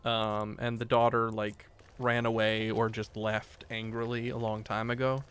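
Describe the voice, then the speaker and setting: A man's voice: lowish voice, little pitch movement, measured pace, a bit bright, clear, resonant tone. A man casually commenting on his own game playthrough, rambling, swearing and joking about his losses. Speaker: game streamer. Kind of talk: let's play commentary.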